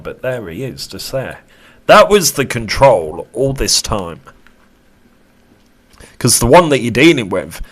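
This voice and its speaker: A man giving a casual tarot reading to camera, chatty and animated, with casual swearing. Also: lowish voice. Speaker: tarot reader.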